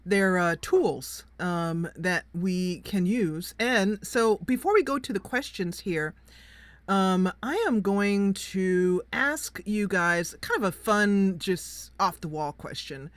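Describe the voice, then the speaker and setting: A woman's voice: medium pitch, lively intonation, slow pace, no echo. A woman hosting an online panel, teasing and giggling with her guests. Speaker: panel host. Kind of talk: panel discussion.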